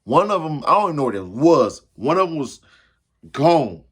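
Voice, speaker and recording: Husky man telling a funny story. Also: on the high side, moderate pace. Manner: animated, acts out yells and crashes; casual slangy chat to viewer.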